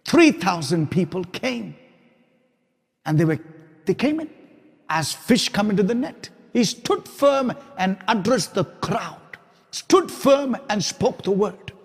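A pastor preaching a sermon, building to loud, emphatic repetition of his points. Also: sits high, very animated, takes it slowly, slightly rough, big-room sound.

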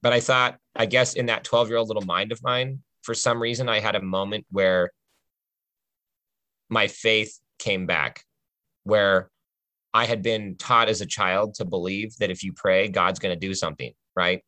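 A man's voice: on the low side, fairly even intonation, moderate pace, bright, forceful tone, dry recording. A man on a podcast telling a personal faith testimony in an earnest, conversational way, often checking in with the listener.

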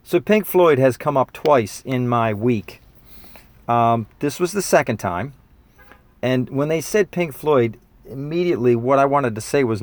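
A man in his fifties talking in a casual monologue, earnest and reflective, sometimes excited, with fillers and restarts. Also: medium pitch, a little slow, dry recording. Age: 50s. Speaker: musician and spiritual teacher.

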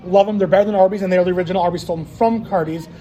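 Podcast co-host, male, high voice, quick rambling teaser, mellow tone. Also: steady tone, highs cut off, a little hiss or hum. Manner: fast, teasing, rambling with many restarts. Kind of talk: casual chat over a card game.

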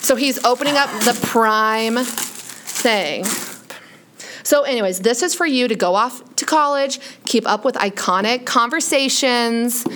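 A woman in her late twenties, a high school teacher, chatting casually on a podcast in a classroom, peppering her talk with "like.". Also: a little slow, a bit bright, a little hiss or hum. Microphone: headphone microphone.

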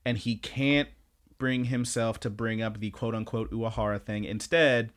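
A man's voice: medium pitch, steady tone, moderate pace, fairly bright tone, smooth. A young man co-hosting a podcast, recapping an anime in casual, rambling chat and laughing often. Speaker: podcast co-host.

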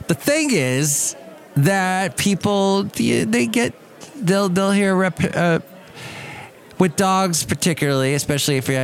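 A man hosting his own podcast, talking in a rambling, wry and self-deprecating way, now and then slipping into quick silly voices. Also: on the high side. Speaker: podcast host. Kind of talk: rambling solo podcast monologue. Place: Bay Area.

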